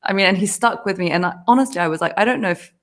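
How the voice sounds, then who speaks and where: A woman hosting a podcast, telling a personal story in casual conversation, animated and often laughing as she acts out what people said. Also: mid-range voice, racing. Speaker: podcast host.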